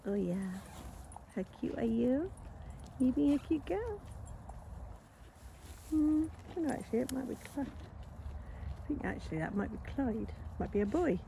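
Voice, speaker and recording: A woman's voice: a little high, big pitch swings, measured pace, creaky, pauses often, mellow, a little hiss or hum. A woman, vlogging while talking baby talk to her pets. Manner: cooing baby talk to animals. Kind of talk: casual chat with pets.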